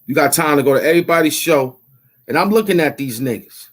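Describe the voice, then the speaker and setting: Talking fast in a fairly high voice, a man hosting his YouTube channel confronts the camera. He keeps taunting, saying the same things again, and insisting he be paid money he says is his.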